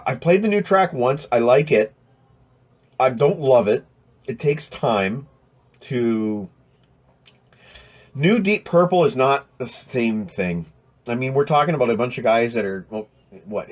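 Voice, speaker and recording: A man hosting a live stream from indoors, chatting casually and joking while he answers viewer questions. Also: mid-range voice. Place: indoors next to a window.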